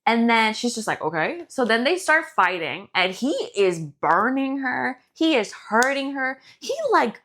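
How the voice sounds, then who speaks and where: A woman co-hosting a podcast, casually recapping a book in animated detail, acting out the characters' lines and laughing often. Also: fairly high pitch, unhurried, few pauses. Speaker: podcast co-host.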